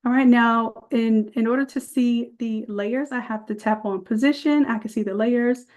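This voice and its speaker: A woman's voice: fairly high pitch, steady tone, normal speed, a little mellow, muffled recording. A woman leading a live online design class, chatty and folksy, calling her viewers y'all as she walks through the steps. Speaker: design instructor.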